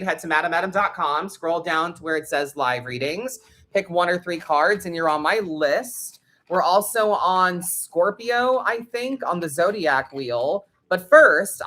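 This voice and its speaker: A low-pitched woman runs a live tarot stream, talking casually to viewers. She is blunt and sweary, and her pitch swings widely as she talks. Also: sharp tone.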